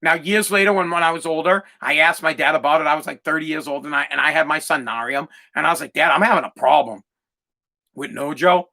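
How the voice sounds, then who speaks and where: Male podcast host in his thirties, high and bright voice, blunt, profane storyteller. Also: fairly even intonation, fast talker, gravelly, few pauses. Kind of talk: ranting monologue.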